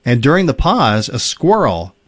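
A man's voice: medium pitch, moderate pace. Man casually reading stories aloud. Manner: relaxed storytelling with fillers and chuckles.

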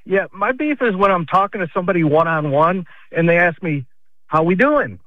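A man's voice: sits high, lively intonation, a little fast, no echo. A man calling in to a radio show, ranting about a pet peeve in a sarcastic, mocking way. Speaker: caller. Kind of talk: phone-in rant. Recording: muffled phone line.

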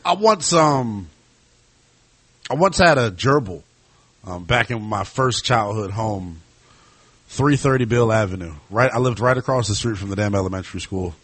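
A sports talk show host chats casually and animatedly, using lots of fillers. His voice is lowish and husky, he speaks at a normal speed, and the recording is dry.

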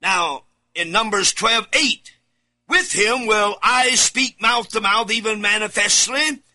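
Male preacher, solo studio sermon, high voice, slow deliberate scripture reading, emphatic repeats. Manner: emphatic, repeats key words, swings from shouts to low asides. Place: studio, alone.

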